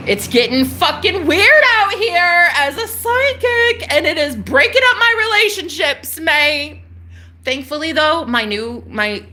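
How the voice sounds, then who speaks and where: A young woman hosting a livestream, telling a rambling story in a casual, animated way, swearing and swinging between loud outbursts and hushed murmurs. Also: on the high side, slight background noise. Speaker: livestream host.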